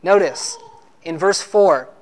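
A man's voice: high voice, takes it slowly. A man preaching a sermon, arguing emphatically and teaching with rhetorical questions.

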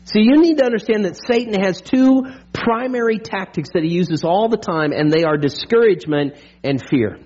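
In a dull, lo-fi recording, a pastor whose voice is strikingly high speaks to his congregation with lots of energy. His sermon feels like a chat, sprinkled with playful jokes about pop culture and repeated "right?" checks.

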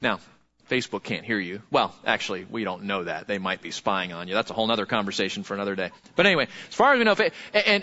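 A man preaching a sermon as pastor, lively and conversational, asking the congregation questions. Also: lowish voice, quick pace, dull audio.

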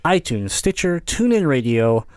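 A man hosting a casual retro gaming podcast, laughing often and reading ads briskly. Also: fairly high pitch, big pitch swings, clear, resonant tone, no echo. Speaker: podcast host.

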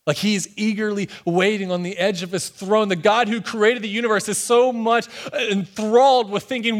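Man, preacher, sermon, higher-pitched, shifts from eager and loud to quiet and hushed. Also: moderate pace, few pauses. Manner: swings from excited and loud to hushed and soft. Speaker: pastor.

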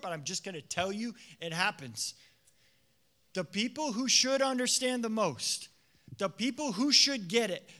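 A male pastor preaching a sermon in an animated, conversational way, acting out the voices he quotes. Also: high voice. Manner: animated, acts out quoted voices, many fillers.

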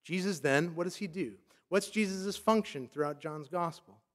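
A man's voice: sits high, moderate pace. A man preaching a sermon as a pastor, emphatic and loose, often saying "like".

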